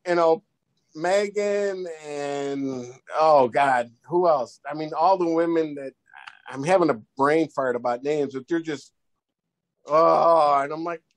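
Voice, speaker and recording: A man guest on a podcast, telling goofy stories in a rambling, animated way with many restarts. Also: fairly high pitch, slow pace. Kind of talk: casual storytelling.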